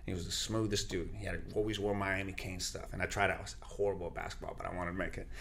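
A man's voice: sits low, quick pace, vocal fry, a little hiss or hum. A man whose first language is Spanish, a guest actor and radio host, telling stories in an interview and acting out the people in them. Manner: animated, acts out the people in his stories. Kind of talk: lively interview storytelling.

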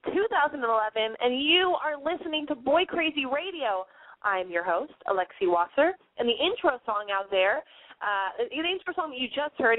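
Woman host, sick and wheezy, brash and profane, high voice, recorded dry with narrow phone-line quality. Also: no echo. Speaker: podcast advice show host. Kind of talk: casual call-in show monologue.

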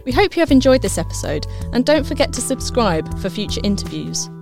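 A woman hosting a podcast interview, asking questions and reading a scripted sign-off. Soft music plays faintly underneath. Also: fairly high pitch, sing-song, fairly quick. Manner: smooth, scripted outro.

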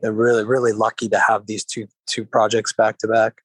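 A man, an actor being interviewed, who talks in an even-keeled, mellow way, rambling with frequent restarts and filler phrases. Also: on the low side, a little fast, husky, no room sound, poor audio. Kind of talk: relaxed interview conversation.

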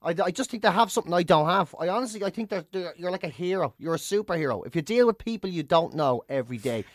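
A man's voice: high-pitched, lively intonation, fast talker, no echo, studio quality. A man hosting a casual chat, joking and slipping into playful put-on voices. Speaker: podcast host.

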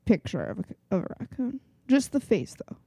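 Mellow-voiced young woman chatting. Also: a little high, very animated, moderate pace, breathy edge, no room sound, studio quality. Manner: chatty, lots of fillers, explains scenes in detail. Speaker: podcast co-host. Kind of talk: casual chat recapping a TV episode.

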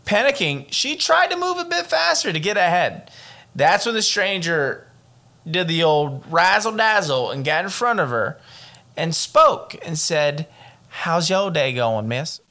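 Bright-voiced young man telling true crime. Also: high voice, sing-song, unhurried. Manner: profane, joking asides. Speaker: podcast co-host. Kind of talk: casual true-crime storytelling.

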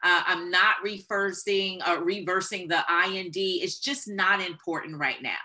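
A woman speaking as a guest expert in an interview, emphatic and building to forceful points. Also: lowish voice, moderate pace. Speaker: guest expert on corporate diversity. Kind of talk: conversational interview talk.

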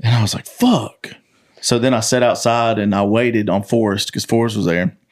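Animated storytelling man, casual and profane. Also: lowish voice, a little fast. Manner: animated, swearing, acts out quoted voices. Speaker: podcast host, country singer.

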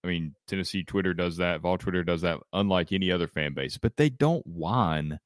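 A low-pitched man on a sports podcast speaks calmly and evenly, weighing in on fan behavior. His voice sounds dry and close to the mic. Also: brisk, no room sound. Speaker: podcast co-host.

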